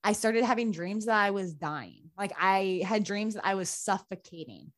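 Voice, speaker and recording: A woman guest telling a personal story in casual talk, animated and full of "like" fillers, acting out the voices of people she quotes. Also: medium pitch, moderate pace. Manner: chatty, frequent "like" fillers. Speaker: podcast guest.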